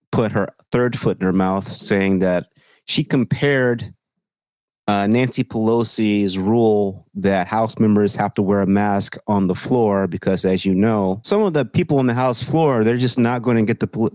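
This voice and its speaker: A man's voice: lowish voice, a little mellow, dry recording. A man co-hosting a podcast, talking politics in casual, profane, sarcastic chat. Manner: profane, sarcastic, mocking quoted voices. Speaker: podcast co-host.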